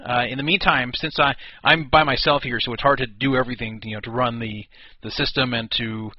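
A man's voice: mid-range voice, steady tone, brisk, a little hiss or hum. A man hosting his own internet radio show alone, talking casually and rambling with restarts and self-deprecating asides. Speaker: host. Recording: dull lo-fi dry sound.

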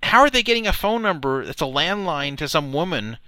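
A man's voice: on the high side, big pitch swings, brisk, sharp tone, no room sound. A man hosting a casual talk show, stammering and cautious as he talks things through. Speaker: podcast host.

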